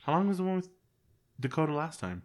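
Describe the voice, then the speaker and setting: A man hosting a casual podcast chat, laughing often and asking drawn-out questions. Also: fairly high pitch, very animated, a little mellow. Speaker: podcast host.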